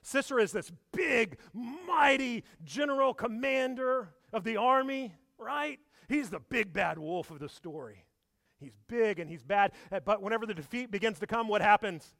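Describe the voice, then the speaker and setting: A man's voice: high-pitched, animated, moderate pace, gravelly, fairly bright tone, dry recording, clean studio sound. A man preaching a sermon, telling the story with animation and asking his listeners rhetorical questions. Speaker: pastor.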